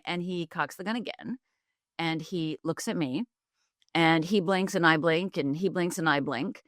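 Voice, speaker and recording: A middle-aged woman from Upper Michigan speaks in a lowish voice, retelling her life story vividly and acting out the people in it. Her voice is recorded dry and close, with no room sound around it. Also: normal speed, a bit bright, no echo. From Upper Michigan, USA. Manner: vivid, dramatic retelling with acted-out quotes. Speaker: guest, life coach. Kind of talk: candid storytelling interview.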